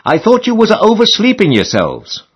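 A fussy, motherly old landlady from an audiobook, fluttering high up in a falsetto and drifting around in pitch, as a man puts her on. Her speech is common and homely, and the tone is slightly husky. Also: huge pitch swings, normal speed, lo-fi sound, exaggerated voice.

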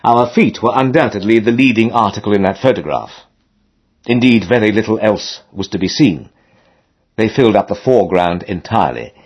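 A man narrating a comic novel in a lively, expressive way with dry humor, in a dull lo-fi recording. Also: on the low side, moderate pace, husky. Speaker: audiobook narrator.

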